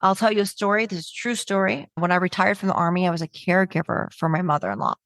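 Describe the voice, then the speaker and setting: A woman's voice: lowish voice, lively intonation, quick pace, fairly bright tone, no echo, studio quality. A middle-aged woman giving a webinar talk in a stand-up comedy style, brash and joking with punchy delivery. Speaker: webinar speaker on humor.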